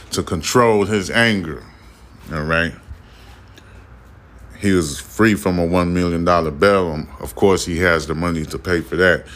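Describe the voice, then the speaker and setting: Middle-aged male podcast host, very low voice, blunt profane rambling commentary. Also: fairly bright tone. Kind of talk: casual news commentary podcast.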